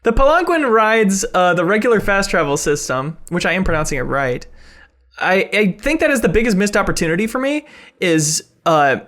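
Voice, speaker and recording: A man's voice: sits high, animated, moderate pace, fairly bright tone. A man on a casual game podcast, giving opinions and prompting the others to speak. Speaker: podcast co-host.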